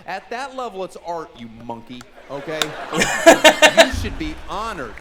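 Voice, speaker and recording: A man's voice: high-pitched, very noisy. A man doing a stand-up routine with a provocative, mock-indignant delivery. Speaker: stand-up comedian. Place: comedy stage. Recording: live show with crowd laughter.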